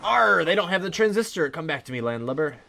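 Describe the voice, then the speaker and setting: A man's voice: on the high side, big pitch swings, fast, gravelly, music in the background, pitched above the performer's own voice. A man putting on a growling pirate captain voice. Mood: gruff, scheming. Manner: growling pirate talk, arr and me hearty. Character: gruff male candy pirate captain.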